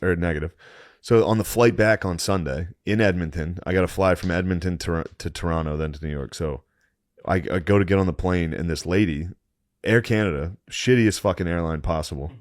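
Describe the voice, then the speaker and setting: Deep-voiced guy on a podcast mic griping and laughing thru a story, swears a lot, dry close sound. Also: dry recording. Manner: profane, animated griping with laughs. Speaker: podcast co-host. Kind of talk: casual storytelling chat.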